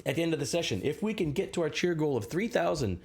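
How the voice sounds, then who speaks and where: A man's voice: on the high side, big pitch swings, a little mellow, breathy edge. Scattered male game master narrating. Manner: scattered, halting, lots of restarts. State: sick. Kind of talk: narrating a tabletop game on a live stream.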